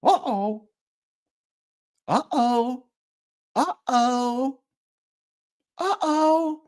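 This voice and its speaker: Chirrupy sing-song character. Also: male voice, extremely high pitch, very slow, darkish tone, pitched above the performer's own voice, full character voice. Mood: chirpy worried. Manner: giddy, wide-eyed. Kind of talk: audiobook character voice.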